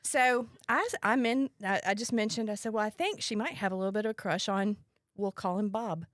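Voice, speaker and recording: A woman's voice: medium pitch, a little fast, no echo. Podcast host lady, wry and candid, dry close mic, mid-range voice. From Mississippi, US. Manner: candid, wry storytelling with laughs. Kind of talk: casual storytelling chat.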